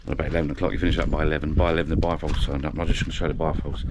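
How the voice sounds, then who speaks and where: Breathless man, very deep voice. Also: flat delivery, rapid-fire, very noisy. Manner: chatty, rambling, with restarts. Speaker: vlogger showing a renovation. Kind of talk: casual walk-and-talk vlog. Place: outdoors walking, then inside a building site. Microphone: handheld camera.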